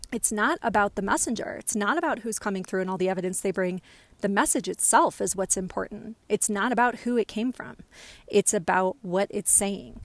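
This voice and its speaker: A woman working as a spiritual medium, giving a casual storytelling lesson in a chatty, animated way that is full of "like" and "right?". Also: medium pitch.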